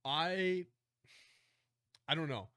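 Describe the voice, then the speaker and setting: A man's voice: on the high side, animated, extremely slow, pushed and bright, smooth, no echo, clean studio sound. A man co-hosting a podcast, reacting in casual chat with short comments and quips. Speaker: podcast co-host.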